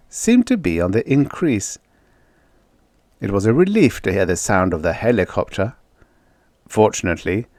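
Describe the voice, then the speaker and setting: A man narrating a vintage science fiction story in a lively storytelling manner. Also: on the low side, no room sound, clean studio sound. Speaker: audiobook narrator. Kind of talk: scripted narration.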